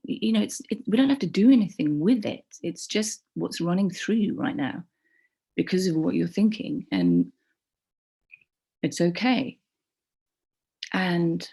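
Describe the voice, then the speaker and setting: A middle-aged woman telling a personal story in a halting, rambling way, with many restarts and soft whispered asides. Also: on the low side, gravelly, husky. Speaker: community group member.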